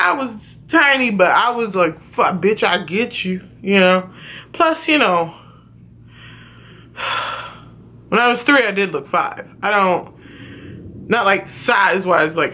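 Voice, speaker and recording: A woman vlogger telling a story from her childhood in a casual, profane, animated way. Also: mid-range voice.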